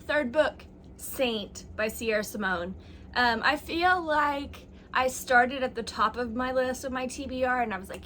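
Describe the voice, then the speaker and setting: Chatty young woman, bright tone. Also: on the high side, measured pace, slight background noise. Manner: chatty and self-mocking, with many likes and ums. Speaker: booktuber. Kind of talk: casual chat.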